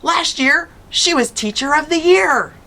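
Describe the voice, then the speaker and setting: An excited mom calling up the stairs in a storybook, as a woman reader voices her, high and cheerful. Her voice is bright and lively. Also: unhurried, full character voice. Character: excited mother of three.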